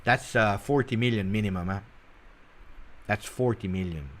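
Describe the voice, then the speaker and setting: Man, football show host, animated, teasing, loud then muttering. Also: fairly low pitch, normal speed. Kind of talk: casual live commentary.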